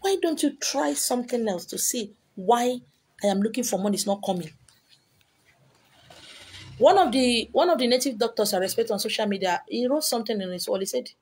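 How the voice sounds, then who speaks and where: A woman's voice: on the high side, lively intonation, brisk, darkish tone, husky. A woman with a Nigerian accent, a spiritual teacher lecturing her viewers in a monologue, emphatic and repetitive, scolding them with rhetorical questions. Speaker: spiritual teacher selling handouts.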